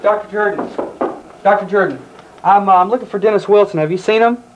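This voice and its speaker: A man's voice: high-pitched, a little fast, highs cut off, noisy background. A young man who is a medical resident, flustered and stammering in an amateur comedy sketch. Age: young adult. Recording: echoey amateur camcorder audio.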